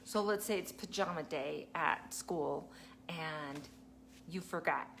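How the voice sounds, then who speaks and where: A woman's voice: on the low side, lively intonation, measured pace, vocal fry, slight background noise. A woman teacher giving a casual live talk, chatty and laughing often as she acts out kids and parents.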